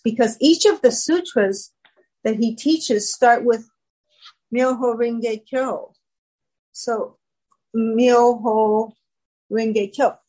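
A woman guest telling her personal story in casual talk, animated and acting out quoted voices. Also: a little high, husky, low-quality recording.

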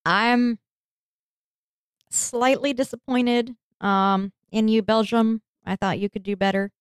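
A woman's voice: on the high side, steady tone, takes it slowly, smooth, dry recording, clean studio sound. A woman co-hosting a casual podcast, playful, laughing and frank. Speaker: podcast co-host. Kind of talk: casual chat.

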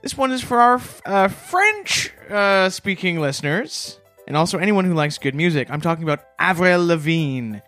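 A man co-hosting a comedy podcast in a dry, deadpan style. He delivers mock-earnest tributes in an unhurried, casual chat. A light bed of music sits faintly behind him. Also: on the high side. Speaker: podcast co-host.

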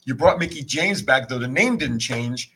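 A man's voice: mid-range voice, expressive, moderate pace, pushed and bright, a little hiss or hum. A man co-hosting a podcast, chatting casually about wrestling, laughing often and restarting his sentences. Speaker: podcast co-host.

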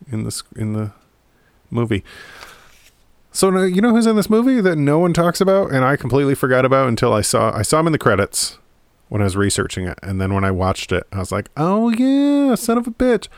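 A man's voice: lowish voice, no room sound. A man chatting casually and irreverently about a movie at home, rambling, swearing and laughing often. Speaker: movie commentator. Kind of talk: casual movie chat to camera. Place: home room in front of a DVD rack.

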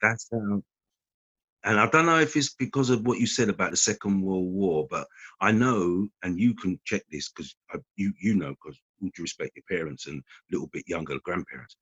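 A man's voice: sits low, fairly quick, slightly rough, dry recording. A man rambling through casual chat and acting out quotes as he tells stories. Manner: animated storyteller acting out quotes. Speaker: guest. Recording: dull lo-fi podcast recording.

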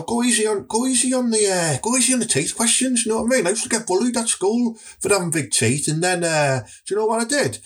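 Husky, crude Teesside comedian. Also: male voice, fairly high pitch, a bit bright. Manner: crude, rambling, jokey. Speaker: comedy vlogger. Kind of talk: casual comic Q&A.

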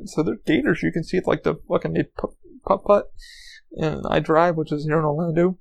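A man's voice: on the high side, fairly even intonation, brisk, gravelly, darkish tone, poor audio. A man hosting his own podcast, rambling through a casual story with lots of swearing, fillers and restarts. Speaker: podcast host. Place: lives in Orlando, Florida.

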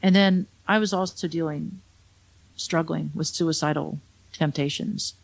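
A woman's voice: sits low, steady tone, measured pace, vocal fry, breathy edge. A middle-aged woman, an author, telling a personal story in a candid, conversational way with wry asides. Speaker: author and speaker.

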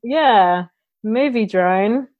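A woman's voice: a little high, expressive, very slow, phone-quality sound. A woman co-hosting a podcast in casual, playful chat. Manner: easygoing, playful. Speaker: podcast co-host.

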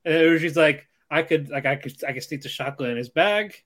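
Male podcast co-host, slightly high voice, quick interjections and laughs. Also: fairly bright tone. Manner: short agreeing interjections, chuckles, jumps in with corrections. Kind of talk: casual anime recap chat.

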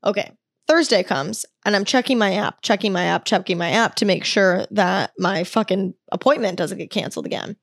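A woman's voice: medium pitch, dry recording. Young woman host, casual solo storytelling, blunt and profane, close dry mic. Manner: candid and profane, exasperated. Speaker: podcast host.

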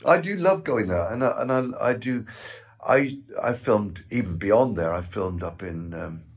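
A man from the West Country of England with a West Country accent, a guest actor telling rambling stories with halting repeats in an interview. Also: fairly low pitch, lively intonation, husky. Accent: West Country English. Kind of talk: anecdotal interview chat.

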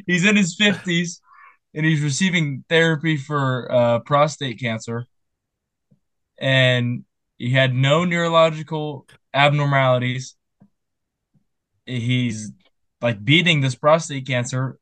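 A man's voice: mid-range voice, takes it slowly, pauses often, a bit bright, no room sound. A jokey young man reading news stories on a casual podcast, his voice in a medium range. The sound is dry and close. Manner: jokey, laughs while talking. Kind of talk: casual chat.

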